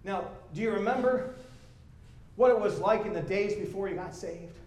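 A man pastor preaching a sermon in a church, conversational and animated, repeating himself as he builds. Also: high-pitched, normal speed, echoey room. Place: church sanctuary.

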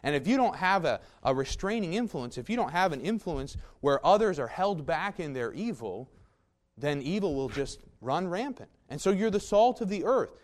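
A man's voice: fairly high pitch, big pitch swings, moderate pace. Emphatic man preaching a folksy sermon. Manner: folksy, emphatic, with asides to the congregation.

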